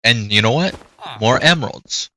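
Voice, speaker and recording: A chatty male gamer commenting casually on his play, with a bright, forceful voice. He talks to the animals on screen as he goes. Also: medium pitch, lively intonation, normal speed. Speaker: gaming youtuber.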